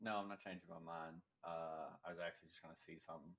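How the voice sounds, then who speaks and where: A man's voice: sits low, level tone, quick pace, fairly bright tone. A man playing a tabletop game, talking hesitantly and trailing off. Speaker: player. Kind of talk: casual chat. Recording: dull lo-fi mic.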